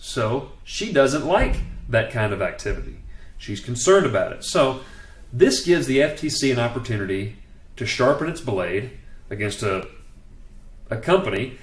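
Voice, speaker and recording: A man's voice: fairly low pitch, reverberant. A man giving casual, opinionated commentary, emphatic and full of restarts. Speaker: commentator on network marketing law.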